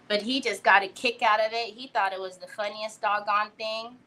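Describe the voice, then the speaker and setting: A middle-aged woman hosting a crafting livestream, telling a story with animated energy and greeting viewers by name. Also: mid-range voice, normal speed, low-quality recording.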